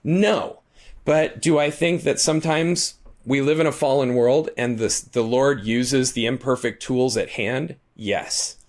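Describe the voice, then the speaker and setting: A man being interviewed as a guest author, telling a long story in a casual, animated way with many asides and restarts. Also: a little slow. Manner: animated, acts out quoted lines with shifting pitch; talkative, frequent restarts and asides.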